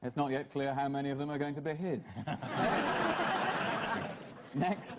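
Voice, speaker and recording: A man hosting a comedy panel quiz in a TV studio, reading out questions and scripted jokes with a dry, deliberate delivery. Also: medium pitch, steady tone, heavy background noise. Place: television studio with live audience. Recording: loud audience laughter over the TV studio sound.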